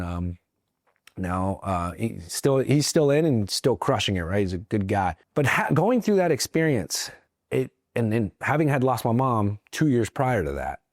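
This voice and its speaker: A man from Mexico, a veteran guest in an interview, telling a personal story earnestly, with halting restarts and acted-out quotes. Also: on the low side, dry recording, studio quality. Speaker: guest, veteran and federal agent.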